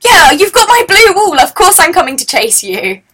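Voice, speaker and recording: A woman hosting a casual let's-play, chatting and excitably yelling at the game. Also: very high-pitched, moderate pace. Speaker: gaming channel host.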